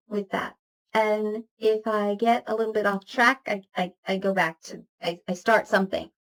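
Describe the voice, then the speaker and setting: A woman's voice: mid-range voice, steady tone, unhurried. A woman giving a motivational spiritual talk as a spiritual teacher, earnestly reciting long lists of affirmations.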